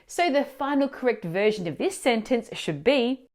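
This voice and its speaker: A woman teacher explaining grammar mistakes in clear, instructive scripted narration, asking the viewer questions. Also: fairly high pitch, expressive, moderate pace, darkish tone. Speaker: language teacher.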